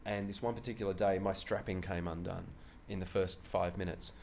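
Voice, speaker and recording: Comic, lowish voice, animated storyteller who laughs and slips into voices. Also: male voice, brisk, vocal fry, a little hiss or hum. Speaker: comedian guest. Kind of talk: casual anecdote telling. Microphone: shared handheld microphone.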